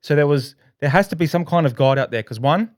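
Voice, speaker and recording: An Australian man co-hosting a podcast, telling a story in an animated, swearing way and acting out his own lines. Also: a little high, quick pace, dry recording, studio quality. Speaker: podcast co-host. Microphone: podcast microphone.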